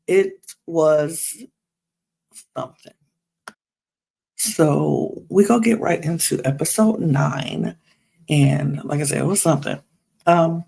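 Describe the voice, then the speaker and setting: Gravelly-voiced woman rambling through a recap. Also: deep voice, a little mellow. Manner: chatty, rambling with many fillers. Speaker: podcast host. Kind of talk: casual reality TV recap.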